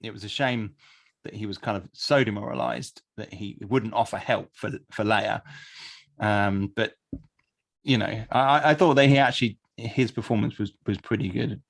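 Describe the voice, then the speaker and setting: Gravelly-voiced man giving measured opinions. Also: on the low side. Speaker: podcast co-host. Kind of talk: casual review chat.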